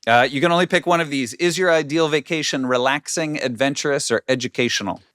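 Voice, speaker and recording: A man's voice: a little high, fast talker, fairly bright tone, clear, resonant tone, no echo, studio quality. A man co-hosting a podcast, telling stories and asking questions in an easygoing way. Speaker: podcast co-host. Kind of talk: casual podcast chat.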